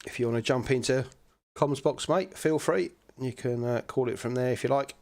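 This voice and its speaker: A man giving relaxed, chatty live commentary on an online sim race, with plenty of fillers. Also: mid-range voice, moderate pace.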